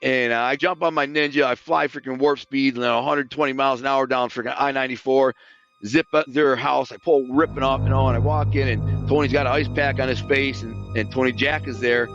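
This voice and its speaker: Speaking a little fast at a medium pitch, a guest who used to be a mobster spins casual stories, streetwise and animated, playing out each line of dialogue. He's from the Detroit area, and the muffled audio carries faint music behind him.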